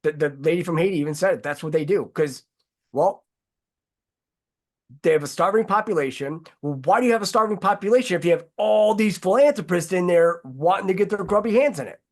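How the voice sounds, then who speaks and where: A man's voice: high voice, animated, brisk. A man hosting a casual talk show, talking in long, heated, rambling runs and swearing freely. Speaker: host.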